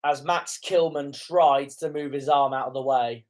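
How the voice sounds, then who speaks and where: A man's voice: medium pitch, steady tone, normal speed. A young man giving live reaction commentary on a football match, often indignant and swearing at the referee's calls. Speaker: fan commentator.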